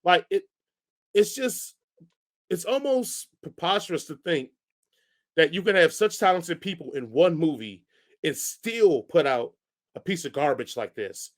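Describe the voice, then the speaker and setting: A man co-hosting a casual podcast, ranting in an animated way with sudden jumps in pitch and volume. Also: unhurried. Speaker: podcast co-host reviewing movies.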